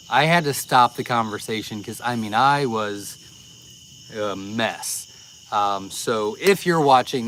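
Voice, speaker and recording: A man's voice: medium pitch, fairly bright tone, slight background noise, rough recording. A man hosting a casual farm live stream, talking in a rambling, easily sidetracked way with lots of fillers. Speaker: farm livestream host.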